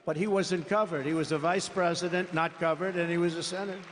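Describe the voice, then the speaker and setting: A man's voice: high voice, steady tone, fast, fairly bright tone, a little hiss or hum. A man giving a rambling, boastful rally speech from a podium microphone, with off-the-cuff asides to the crowd. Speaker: political candidate at a campaign rally. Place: large rally venue before a crowd. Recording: long reverb of a big rally hall.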